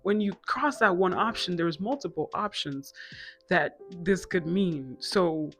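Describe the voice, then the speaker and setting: A woman in her twenties telling a personal story to camera in a casual vlog, chatty with quick self-mocking asides. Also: on the low side, a bit bright, faint music behind. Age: 20s. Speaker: storytime vlogger.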